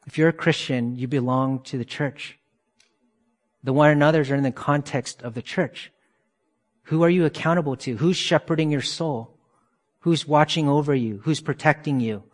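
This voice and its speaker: A man's voice: on the high side, normal speed. A man preaching a sermon, reading scripture aloud and asking earnest rhetorical questions. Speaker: pastor. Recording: long hall reverb.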